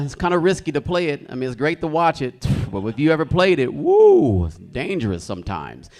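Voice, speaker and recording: A young man from the United States performing a stand-up comedy set in a club, telling stories loudly and shouting his acted quotes. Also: on the high side, vocal fry. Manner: animated, loud storytelling with shouted acted quotes. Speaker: stand-up comic. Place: comedy club stage with a live audience.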